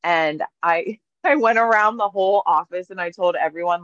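A woman's voice: fairly low pitch, normal speed, hardly any pauses, a bit bright, no echo, dull audio. A woman co-hosting a podcast, telling stories in a chatty, playful way with lots of fillers. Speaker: podcast co-host. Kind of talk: casual chat.

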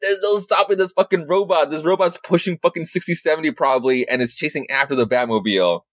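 A man co-hosting a podcast, excitedly recapping a comic in a rambling, casual way with lots of swearing. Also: fairly high pitch, fast talker, no room sound. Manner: excited, rambling, swears a lot, many restarts. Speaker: podcast co-host.

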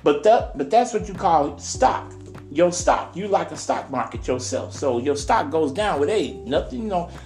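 A man's voice: on the high side, animated, a little mellow, reverberant, soft background music. A fired-up man ranting on a podcast. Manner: heated, cussing, drawn-out emphatic delivery. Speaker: podcast co-host. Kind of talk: casual podcast chat, ranting.

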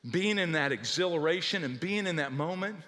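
Bright animated male preacher. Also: fairly high pitch, a little fast, in a large hall. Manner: animated, dramatic storytelling. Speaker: pastor. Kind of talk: storytelling sermon.

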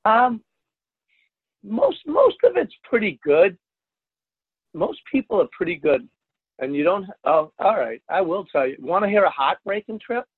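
A man, a fishing charter captain, telling a story in a casual interview, animated and loud at the high points. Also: unhurried, long pauses, breathy edge, no room sound. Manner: animated, jumps to loud exclaims when retelling. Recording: dry tinny phone line.

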